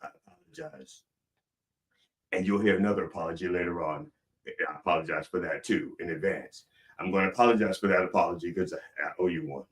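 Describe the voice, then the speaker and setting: A man from northern Maryland with a Maryland accent, hosting a mock sermon and swinging between booming prayers and mumbled asides. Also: a little fast, recorded from a distance. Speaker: comedic preacher host.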